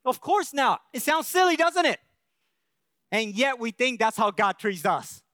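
A man's voice: very high-pitched, big pitch swings, a little slow, sharp tone, no room sound, clean studio sound. A male pastor preaching a sermon in an earnest way, often checking in with the congregation and restarting his phrases.

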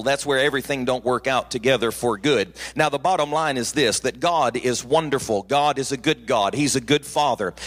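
Preacher man, bright high voice, emphatic repeating sermon style. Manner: emphatic, repetitive, call-and-response.

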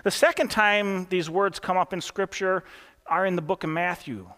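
A male pastor in his thirties gives an evening sermon in a relaxed, folksy way, full of "you know" and "uh." His voice is high and bright for a man, and it rings out through a long hall reverb. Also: moderate pace. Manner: folksy storytelling with fillers.

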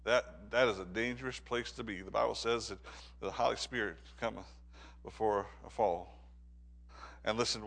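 A man with a voice on the low side preaches a sermon, often stammering, repeating words, and restarting. His delivery swings between quiet reflection and urgent, rising exhortation.

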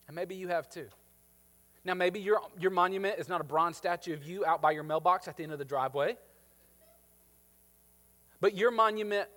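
A man preaching a sermon as a pastor, animated and jokey, acting out the people in the story. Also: high-pitched, in a large hall. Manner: animated, jokey, acts out biblical characters.

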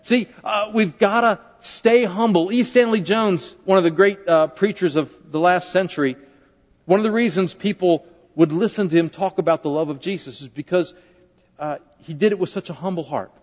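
A pastor with a high voice preaches a conversational sermon at a moderate pace in a large church sanctuary, often putting questions to the congregation. The recording is dull and lo-fi, with long hall reverb.

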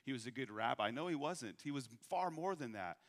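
A man from Michigan preaching a sermon, asking rhetorical questions and slowing down to repeat his key points. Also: medium pitch, animated. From Michigan, USA. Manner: rhetorical questions, emphatic slowed repetition. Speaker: pastor. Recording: long hall reverb.

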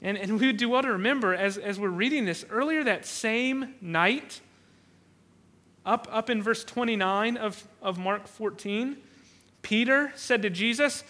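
A man's voice: high voice, moderate pace, sharp tone. A man preaching an expository sermon who often repeats words while he thinks and acts out the quoted lines. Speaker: pastor.

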